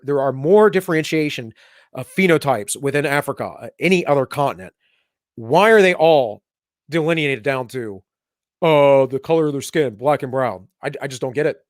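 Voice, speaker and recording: This fairly high-pitched male co-host, recorded dry in a studio, reads headlines on a live talk show. He ridicules each one with sarcastic remarks and put-on voices, keeping the political chatter casual.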